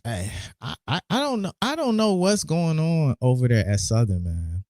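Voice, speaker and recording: A man's voice: a little high, very animated, normal speed, a little mellow, no room sound, clean studio sound. A man hosting a casual sports podcast, laid back, repeating words and restarting often. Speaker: podcast host.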